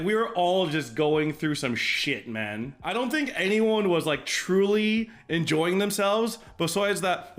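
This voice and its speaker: A man in his thirties, a streamer telling a story to his live chat in a casual, animated way, swearing freely. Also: on the high side. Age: 30s.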